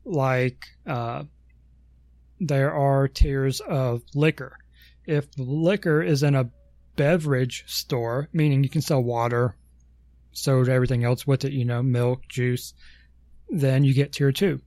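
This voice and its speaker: A man chatting on a podcast in a meandering way, stopping for ums and fixing himself mid-sentence. His voice sits at an ordinary middle pitch. The sound is dry and close, with no room echo. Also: steady tone, a little slow, a little mellow. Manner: rambling, many ums and self-corrections. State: has the hiccups. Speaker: podcast co-host. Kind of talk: casual podcast chat.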